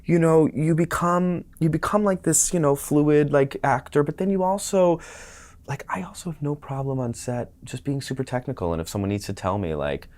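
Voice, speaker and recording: A man's voice: on the high side, normal speed. A man in his thirties, an actor, chatting casually in a podcast interview and acting out the voices of people he talks about. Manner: animated storytelling, mimics other people's voices. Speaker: actor guest.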